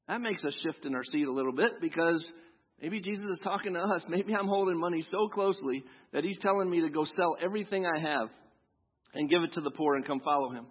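A man preaching in a church with a high, husky voice, chatting with his congregation and throwing in quick tag questions. He slows down to read each scripture verse. The recording is dull and lo-fi. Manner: reads scripture slowly and deliberately. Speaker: pastor. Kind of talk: sermon. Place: church sanctuary.

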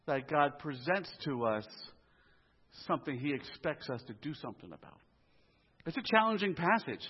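With a slightly high voice carrying a breathy edge, an inner-city US pastor delivers a sermon laced with humor and chatty asides. The audio, captured live in the church sanctuary, sounds muffled and echoes with long reverb.

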